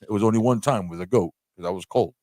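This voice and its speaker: A man's voice: on the low side, quick pace, dark tone, no room sound, studio quality. A man co-hosting a casual livestream, joking and swearing as he banters. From Virginia. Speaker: livestream co-host.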